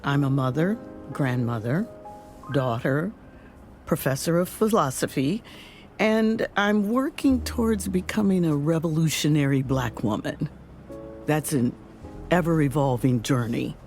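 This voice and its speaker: Older grandma professor, low voice, measured and thoughtful. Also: female voice, lively intonation, a little mellow, faint music behind. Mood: reflective. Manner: measured, reflective. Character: reflective grandmother and philosophy professor. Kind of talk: audio drama acting.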